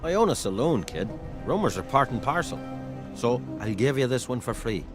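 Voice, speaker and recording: An actor with an Irish accent playing a sly, scheming male saloon owner in a video game, talking in a smooth, sardonic, wheedling way. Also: mid-range voice, big pitch swings, normal speed, lightly acted. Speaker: game character. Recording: game audio with music underneath.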